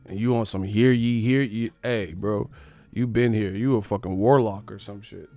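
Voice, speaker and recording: A man casually telling a wild, profane story on his livestream, emphatic and animated. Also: fairly low pitch, moderate pace, creaky, faint music behind. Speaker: boxing livestream host.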